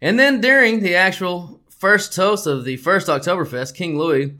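A man's voice: high voice, normal speed, bright, forceful tone. A man co-hosting a comedic sports podcast, talking in a jokey, theatrical and profane way. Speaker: podcast co-host. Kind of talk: comedic casual chat.

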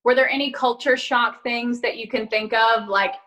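A woman co-hosts a relaxed podcast interview. Her voice is bright and set a little high. She chats in a friendly way with quick asides. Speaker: podcast co-host. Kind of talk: casual interview chat.

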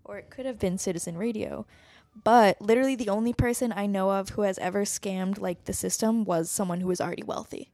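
A woman's voice: medium pitch, steady tone, brisk, hardly any pauses, dark tone, dry recording. A woman guest on a podcast, telling a story bluntly and swearing casually. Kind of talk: casual chat.

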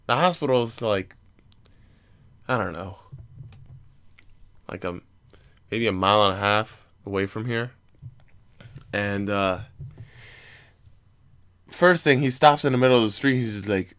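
A young man with a fairly low voice tells stories in a loose, rambling way. His tone is smooth and clear. He swears freely and breaks into laughs at his own jokes. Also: measured pace, pauses often, fairly bright tone. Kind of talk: casual comic storytelling.

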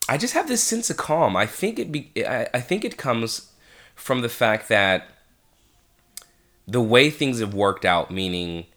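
Vlogging dad, thirties, stuffy nasal voice, bright and forward tone, chatty and reflective, recorded at home. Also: male voice, lowish voice. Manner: chatty, self-reflective, many restarts. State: congested, nasal. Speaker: vlogger, father. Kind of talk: casual vlog talk.

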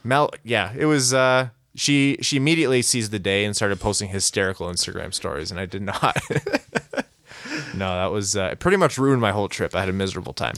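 A man co-hosting a casual podcast, telling stories in an animated, comic ranting way. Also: lowish voice, brisk, dry recording, clean studio sound. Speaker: podcast co-host. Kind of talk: casual sports podcast chat.

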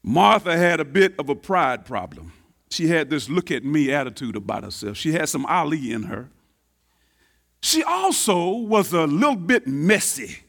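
A man preaching a sermon, repeating key phrases and swinging between booming emphasis and hushed asides. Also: sing-song, normal speed, vocal fry. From Texas, United States. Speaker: pastor.

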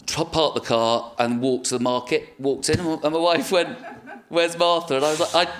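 A man's voice: mid-range voice, fairly quick. A middle-aged English man, a comedian guest on a live podcast, telling stories in a rambling, self-deprecating way.

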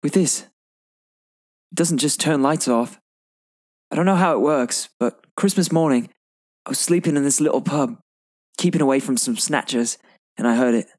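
A man's voice: medium pitch, normal speed, long pauses, no room sound, clean studio sound, natural voice. A man voicing an earnest young British man with a put-on British accent, reading a heartfelt movie monologue.

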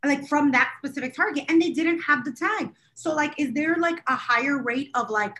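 A woman co-hosting a podcast tells a rambling, self-deprecating story in casual chat. Her voice is high and bright, and her tone carries an exasperated edge as she talks things through. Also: moderate pace. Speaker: podcast co-host.

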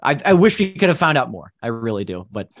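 A man's voice: medium pitch, big pitch swings, quick pace, no room sound, clean studio sound. A man hosting a podcast, casually telling a story with laughs between phrases. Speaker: podcast host. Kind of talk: casual chat.

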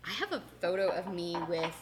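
A woman's voice: on the low side, sing-song, fairly quick, crowd noise. A young woman from Texas co-hosting a podcast, talking in a chatty, rambling way and laughing easily. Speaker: podcast co-host. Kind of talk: casual chat.

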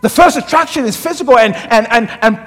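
High-voiced African pastor, reverberant church. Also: male voice, brisk. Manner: humorous animated storytelling. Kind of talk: sermon. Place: church sanctuary. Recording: long church hall reverb.

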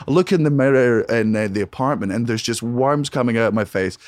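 Animated swearing man, dry sound. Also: medium pitch, a little fast, dry recording. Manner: animated, profane storytelling. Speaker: comedian guest. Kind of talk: casual storytelling chat. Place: home podcast studio.

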